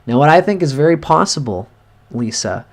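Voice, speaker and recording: A man in a live-streamed cold reading, speaking straight to a viewer and coaching her in an earnest, animated way. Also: fairly high pitch, normal speed. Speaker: astrologer giving a reading.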